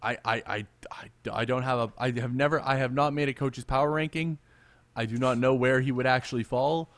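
A man co-hosting a casual sports podcast, animated and quick to laugh, often repeating himself. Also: mid-range voice. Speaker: podcast co-host.

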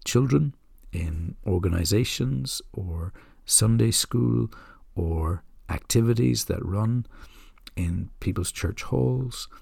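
A man hosting a podcast, telling a story in a gentle, unhurried, reflective way. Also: low voice, creaky, husky, dry recording, clean studio sound. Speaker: podcast host.

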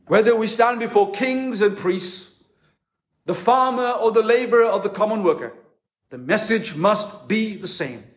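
A man preaching a conference sermon as a pastor, impassioned, with dramatic pauses. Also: high voice. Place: conference hall. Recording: echoey hall.

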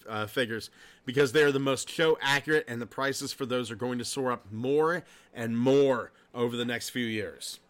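A man hosting a casual podcast, telling stories in a profane, laughing, animated way. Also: medium pitch. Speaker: podcast host. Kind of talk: casual chat.

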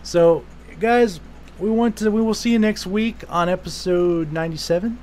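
A man's voice: high-pitched, moderate pace, a little mellow, a little hiss or hum. A man hosting a podcast, talking in a rambling, casual way with swearing and restarts. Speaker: podcast host.

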